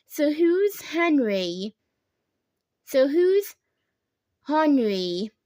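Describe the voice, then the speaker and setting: A woman's voice: high-pitched, big pitch swings, very slow, warm tone, dry recording, clean studio sound, heavily acted. A woman reading a storybook aloud and voicing a curious young boy who asks questions with slight exasperation.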